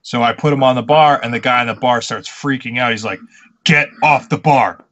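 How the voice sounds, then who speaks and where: A young man co-hosting a casual podcast, a pro wrestler who tells animated stories and swears casually. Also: medium pitch, quick pace, dull audio, slight background noise.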